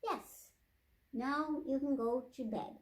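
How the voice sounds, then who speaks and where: A woman's voice: high voice, slow pace, roomy sound, voice pushed up. A woman doing a cooing mother owl. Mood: firm. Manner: gentle but firm, cooing. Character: patient, firm mother owl.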